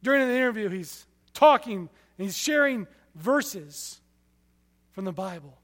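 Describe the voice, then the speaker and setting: A man preaching a sermon, telling stories with passion, his loudness rising and falling sharply. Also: high voice, expressive, a little slow, long reverb tail.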